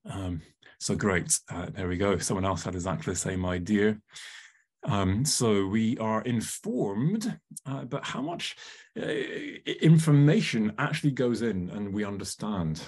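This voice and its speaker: A man's voice: lowish voice, animated, unhurried, a little mellow, slightly rough. A man presenting a live online workshop, chatty and full of ums, often asking the audience questions over a video call.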